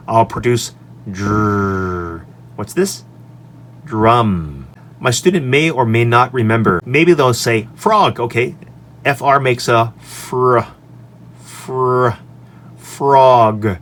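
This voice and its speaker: A man's voice: mid-range voice, expressive, a little slow, fairly bright tone. Upbeat man teaching English from slides. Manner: upbeat, spells out example sentences clearly. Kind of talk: walking through lesson slides. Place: his office. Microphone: desk microphone on an extension arm.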